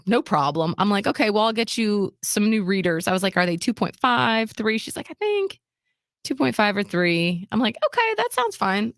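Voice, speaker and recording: A woman co-host in casual, candid talk-show chat, lively as she acts out everyone in her story and swears freely. Her voice sits at a middle pitch. The sound is dry and close, with no room around it. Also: no room sound.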